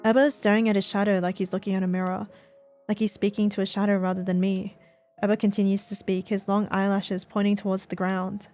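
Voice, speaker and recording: A woman streaming as she reads a visual novel aloud, narrating steadily and then breaking into loud, laughing outcries. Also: medium pitch, level tone, fast, soft background music.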